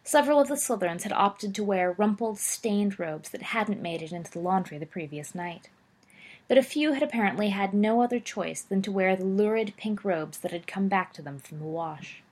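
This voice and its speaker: A woman's voice: mid-range voice, expressive, moderate pace, a little mellow. A woman reading a story aloud, narrating evenly with occasional small slips. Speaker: reader. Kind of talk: fan fiction read aloud.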